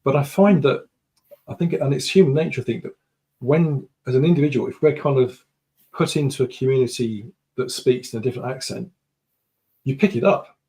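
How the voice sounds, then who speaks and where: A man from the UK, a podcast guest chatting and telling stories in an unhurried way over a video call. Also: medium pitch, dark tone. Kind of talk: casual conversation.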